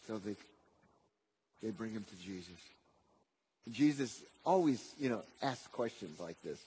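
A man preaching a sermon, often repeating words and swinging between loud emphatic lines and quiet, soft passages. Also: medium pitch, very animated, normal speed, long pauses, a little hiss or hum.

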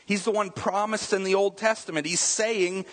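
A man's voice: sits high, fairly even intonation, moderate pace, a bit bright, in a large hall, low-quality recording. A man preaching a sermon, talking in a conversational way and often checking in with the listeners by asking "right?". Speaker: pastor.

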